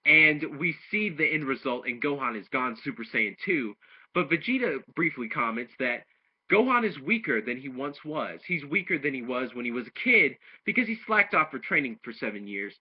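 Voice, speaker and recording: Husky man rambling through a recap. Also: mid-range voice, big pitch swings, normal speed. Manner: rambling retelling with restarts, acting out quoted lines. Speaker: anime episode reviewer. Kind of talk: casual plot recap and review. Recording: dull lo-fi home recording.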